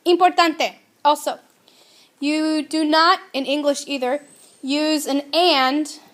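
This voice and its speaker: A woman teaching a grammar lesson, speaking clearly and deliberately and drilling her students to repeat words. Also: sits high. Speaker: Spanish teacher.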